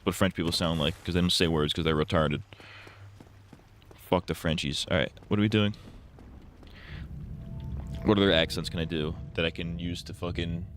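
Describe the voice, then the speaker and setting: Low-voiced crude gaming streamer. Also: male voice, fairly even intonation, normal speed, pauses often, a bit bright, slight background noise. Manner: crude, rambling, laughs at his own jokes. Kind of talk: casual gaming commentary.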